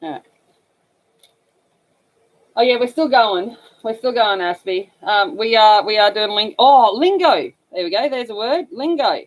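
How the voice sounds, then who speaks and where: A woman's voice: mid-range voice, unhurried, pauses often, low-quality recording. A woman with an Australian accent, hosting a casual livestream and chatting to viewers about slang while she colors. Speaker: livestream host.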